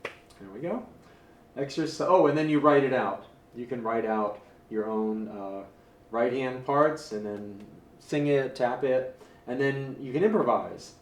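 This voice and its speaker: A man teaching jazz piano in a relaxed, casual way, counting beats aloud and scatting rhythms. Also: medium pitch, measured pace. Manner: easygoing, counts beats aloud and scat-sings syllables. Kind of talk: casual spoken instruction. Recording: roomy, distant mic, faint hiss.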